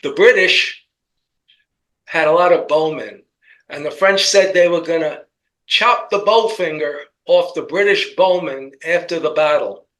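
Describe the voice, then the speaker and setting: A man's voice: on the high side, unhurried, a bit bright, low-quality recording. A man with a New York accent in casual political commentary, telling rambling stories with jokes. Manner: rambling joking storyteller.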